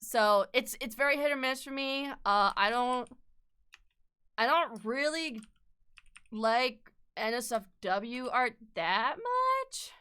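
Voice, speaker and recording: A woman's voice: a little high, very animated, slow, pushed and bright, clear, resonant tone. A young woman streaming while she draws, rambling in casual chat, swearing freely and laughing often.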